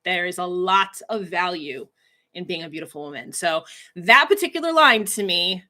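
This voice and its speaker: A woman's voice: fairly low pitch, lively intonation, normal speed, pushed and bright. A woman hosting a casual livestream announcement, emotional and laughing as she chokes up reading comments. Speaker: livestream host, coach.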